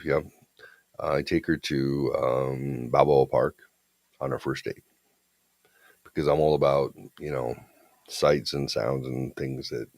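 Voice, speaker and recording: A man's voice: a bass voice, dry recording. A man co-hosting a podcast, telling a story in a blunt, profane, confident way. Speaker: podcast co-host. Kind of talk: casual storytelling chat.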